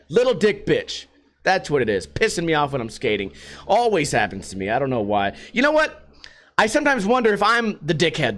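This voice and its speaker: A man with a high-sitting, fairly bright voice rants casually and profanely on his own podcast, with a mocking edge, recorded on a podcast microphone.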